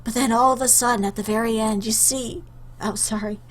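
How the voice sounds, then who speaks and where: A woman's voice: on the high side, fairly even intonation, quick pace. A young woman chatting casually to her webcam, rambling with lots of fillers and restarts, choked up with emotion. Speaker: YouTuber answering a questionnaire.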